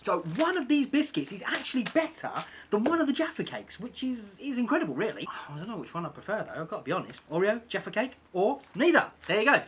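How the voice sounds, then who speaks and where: A man's voice: high-pitched, a bit bright, slight background noise. A man talking casually in a vlog, chatty and self-deprecating, repeating points for emphasis. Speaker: vlogger.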